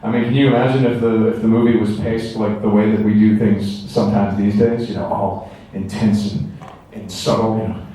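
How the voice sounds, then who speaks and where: A man answering fan questions at a convention, telling lively anecdotes and acting out quotes. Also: fairly low pitch, normal speed, far from the mic. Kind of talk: animated storytelling to an audience. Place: large convention hall. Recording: echoey convention hall from afar.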